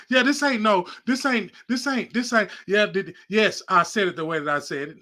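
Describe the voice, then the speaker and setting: A man's voice: sits high, a little fast, few pauses, sharp tone. A man hosting a podcast, preaching casually straight to his viewers, rambling and repeating himself, on a phone held close. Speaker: podcast host.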